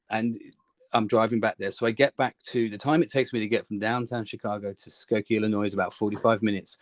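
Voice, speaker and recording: A man's voice: lowish voice, dry recording. A man with an English accent, a musician guest telling a rambling anecdote in an interview, full of restarts. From England. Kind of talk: storytelling in interview.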